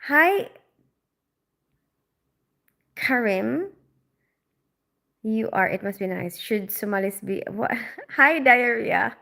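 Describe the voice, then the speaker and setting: A woman's voice: medium pitch, lively intonation, slow pace, vocal fry, pauses often, fairly bright tone. A woman, hosting a casual livestream and reading viewers' comments aloud, chatty and rambling with frequent laughs. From Philippines. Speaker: livestream host.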